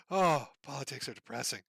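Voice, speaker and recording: A man reading out donation messages on a casual livestream, sardonic and profane, with a deadpan delivery. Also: medium pitch, creaky, breathy edge, no echo, clean studio sound.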